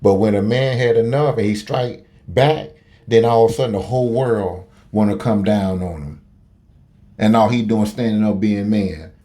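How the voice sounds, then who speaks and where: A man talks into a phone, giving blunt, opinionated commentary in a somewhat low, dark and mellow voice. He rambles through many fillers and restarts and swears freely. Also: normal speed. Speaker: video commentator.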